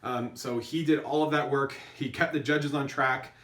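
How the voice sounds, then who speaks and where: A man's voice: medium pitch, steady tone, normal speed, a bit bright, echoey room, far from the mic. A man hosting an online improv tournament from his apartment, chatting casually with lots of fillers and restarts while thanking people and reading out scores. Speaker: host announcing tournament scores. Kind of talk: casual online awards announcement.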